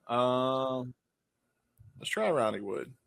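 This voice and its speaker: A man co-hosting a casual podcast and reading quiz questions, loud and crude with lots of joking. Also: medium pitch, lively intonation, very slow, creaky. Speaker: podcast co-host.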